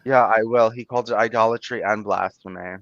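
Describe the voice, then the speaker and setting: A man's voice: fairly low pitch, steady tone, brisk, fairly bright tone, no room sound. A man talking casually as a host, telling a story in rambling fashion, full of "like" and "you know" and free swearing. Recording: dull, muffled lo-fi audio.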